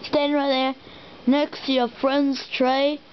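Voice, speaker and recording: Woman, high voice, rambling silly storytelling, dull lo-fi sound, loud hiss. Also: flat delivery, takes it slowly. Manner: rambling, goofy, second-person narration. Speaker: host.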